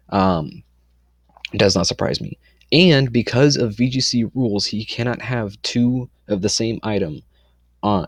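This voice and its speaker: With lots of "um"s and quick self-corrections, a young man confidently rambles through an explanation of his competitive team for a video. He speaks at a fairly low pitch, and the recording is dry.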